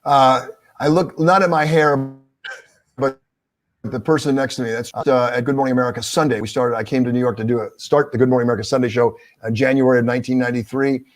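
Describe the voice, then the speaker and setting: A man who works as a TV news anchor, speaking as a guest on a video call and telling lively anecdotes. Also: medium pitch, fast. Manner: animated storyteller, acts out dialogue. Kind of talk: casual video-call interview.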